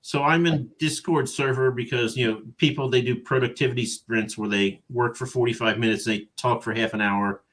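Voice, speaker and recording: Male author co-host, mid-pitched, animated and self-deprecating, casual chat. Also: normal speed, hardly any pauses.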